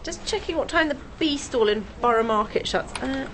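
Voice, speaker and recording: An actress playing an excitable, celebrity-obsessed woman, gushing and bossy, in a radio comedy. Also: high-pitched, normal speed, a little hiss or hum.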